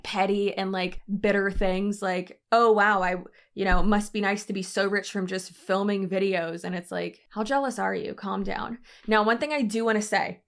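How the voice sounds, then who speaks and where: A young woman with a light Southern US twang talks through a casual commentary vlog at a middling pitch. She is frank and chatty, loose with fillers, and quick to laugh at herself. She is pregnant and speaks close to the mic. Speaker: commentary YouTuber.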